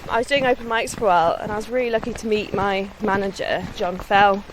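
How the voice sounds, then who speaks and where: A young singer-songwriter from England's West Midlands chats modestly and laughs easily while being interviewed on a countryside walk. Her mid-range voice is fairly even and she talks fast. Faint outdoor ambience and distant vehicles add background noise.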